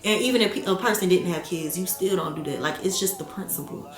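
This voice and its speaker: A young woman from Atlanta telling a story to camera, animated and blunt, swearing freely and talking to viewers as y'all. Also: fairly low pitch, fairly quick. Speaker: vlogger. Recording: echoey room with faint music.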